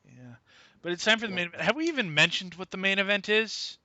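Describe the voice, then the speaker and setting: Bright-voiced animated man podcasting. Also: high voice, fast talker, no echo. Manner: animated, does mocking voices of wrestlers. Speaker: podcast co-host. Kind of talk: casual wrestling review chat. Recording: dull lo-fi podcast mic.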